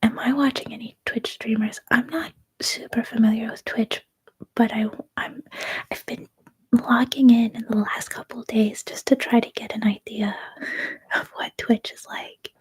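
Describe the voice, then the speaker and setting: A Canadian woman in her thirties, whispering a soft-spoken, rambling ASMR livestream chat. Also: on the high side, steady tone, a little slow, slightly rough. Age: 30s. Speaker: ASMR streamer.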